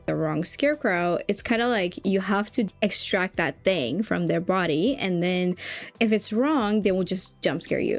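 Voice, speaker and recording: A young woman vlogging about a horror game in casual chat, animated, swearing often and saying "like" a lot. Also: lowish voice. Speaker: gaming vlogger.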